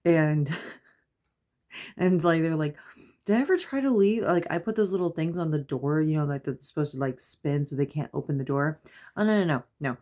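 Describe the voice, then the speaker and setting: A woman in her thirties, a mother, rambling casually in a home vlog, laughing often and getting animated when she quotes herself. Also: low voice, normal speed. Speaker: mother and vlogger. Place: at home before bed.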